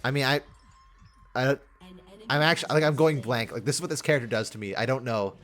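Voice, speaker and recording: Rambling, halting young man gaming host. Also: mid-range voice, fairly bright tone. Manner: rambling, halting, with many repeated restarts. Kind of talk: casual game commentary.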